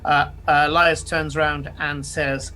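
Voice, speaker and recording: A man's voice: on the high side, little pitch movement, slow, bright, forceful tone, faint music behind. A man narrating a tabletop role-playing game as game master, descriptive and full of fillers.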